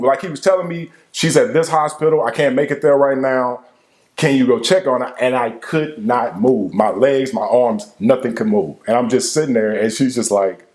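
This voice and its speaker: Young man, co-host, casual storyteller, halting, emotional delivery. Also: mid-range voice, a little mellow, echoey room. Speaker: co-host telling a couple's story.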